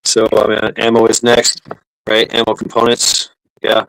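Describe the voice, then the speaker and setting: A man with a gravelly, rough-edged voice hosts a casual live stream. He rambles through his points with plenty of fillers and false starts, stopping to thank viewers and answer their comments. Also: on the low side, completely flat delivery, moderate pace, fairly bright tone, poor audio. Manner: rambling, many fillers and restarts, reads out chat. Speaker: livestream host. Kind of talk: casual livestream chat.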